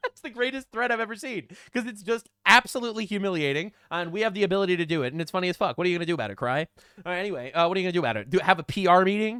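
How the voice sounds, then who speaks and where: Bright, sarcastic male commentator. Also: sits high, very fast, clear, resonant tone, no echo, clean studio sound. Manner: sarcastic and mocking, often laughing at what he reads. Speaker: online political commentator. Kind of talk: reaction stream commentary.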